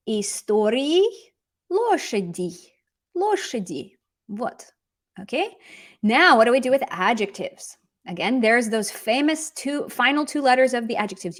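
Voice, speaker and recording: A woman teaching a Russian grammar lesson, upbeat and teasing as she quizzes her viewers and reads out example phrases. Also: mid-range voice. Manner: upbeat, teasing quiz prompts, switches between English and careful Russian.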